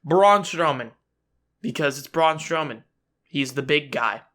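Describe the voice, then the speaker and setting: A YouTube wrestling commentator with a fairly high, slightly bright voice gives casual predictions on his own channel. He's animated yet unhurried, rambling and sarcastic, and restarts often.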